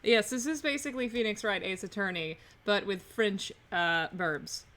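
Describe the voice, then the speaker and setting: A woman's voice: mid-range voice, moderate pace, a bit bright. A woman hosting a live game stream, chatting casually, joking and correcting herself as she rambles.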